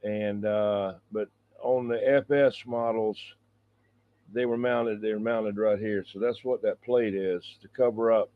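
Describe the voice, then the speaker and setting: A man's voice: fairly low pitch, fairly even intonation, measured pace. A man chatting casually on the radio, explaining his old radio set in an easygoing way with filler words. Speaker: radio hobbyist. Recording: tinny radio transmission.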